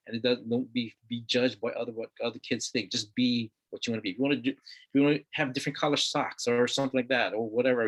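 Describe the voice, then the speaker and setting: A middle-aged man from Hawaii, a guest talking earnestly in a casual conversation, repeating words for emphasis. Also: medium pitch. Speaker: interview guest.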